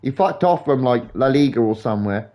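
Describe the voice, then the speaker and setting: A young man streaming a game live, rambling in sweary, animated football banter. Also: medium pitch, a little fast. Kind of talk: casual chat while gaming live.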